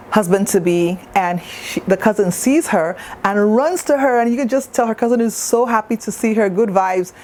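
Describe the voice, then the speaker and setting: A woman's voice: lowish voice, a little mellow, a little hiss or hum. A woman talking to camera in a casual review vlog, chatty and playful, with asides to the viewer. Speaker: TV show reviewer.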